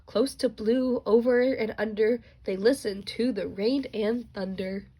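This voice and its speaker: Slow, gentle mother reading aloud. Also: a little high, breathy edge. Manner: expressive, gentle, with asides to the child. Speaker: mother reading to her children. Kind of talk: storybook read-aloud.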